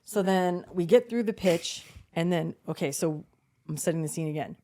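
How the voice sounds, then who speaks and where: Candid, animated woman telling a story. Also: lowish voice, normal speed, slight background noise. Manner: animated, candid, swears freely, laughs often. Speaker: podcast host and mother. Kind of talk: casual storytelling chat.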